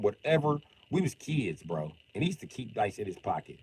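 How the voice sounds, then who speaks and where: A man on a livestream telling comedic stories in animated, profane street slang. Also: mid-range voice, fast, few pauses. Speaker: livestream host. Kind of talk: comedic storytelling.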